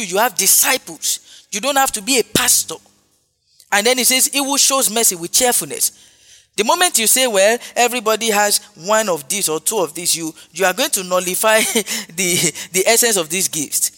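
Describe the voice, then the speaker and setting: This preacher's high voice is bright and forceful as he delivers an emphatic, repetitive sermon studded with hallelujahs. The sound carries a long hall reverb with music faintly underneath.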